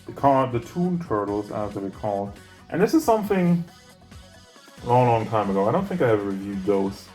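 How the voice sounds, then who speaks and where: Man, lowish voice, out of breath, rambling collection tour, faint music underneath. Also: moderate pace. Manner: rambling, self-mocking, excitable. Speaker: toy collector showing his collection. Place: home with figure shelves, indoors. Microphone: handheld camera moving around.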